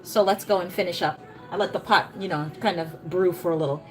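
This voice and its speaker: A woman's voice: on the low side, fairly quick, soft background music, low-quality recording. A woman from Jamaica speaking with an American accent, chatting casually on a live stream as she cooks in her home kitchen, encouraging viewers and greeting them by name. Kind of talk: casual live-stream chat while cooking.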